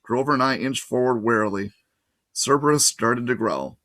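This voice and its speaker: A man's voice: mid-range voice, normal speed, a bit bright, no room sound. Man reading a children's novel aloud. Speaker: reader.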